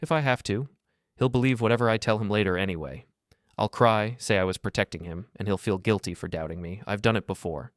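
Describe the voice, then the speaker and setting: A man's voice: lowish voice, fairly quick, no room sound, studio quality, lightly acted. A man voicing a scheming, callous young woman of twenty-three in a storybook reading, offhand and mocking. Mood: scornful.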